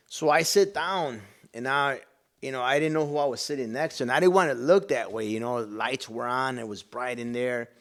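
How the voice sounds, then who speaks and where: A man from Chicago, a pastor and business owner, telling a personal story on a podcast with animated delivery, hushed whispered asides, and frequent "man". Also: mid-range voice, moderate pace. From Chicago, USA.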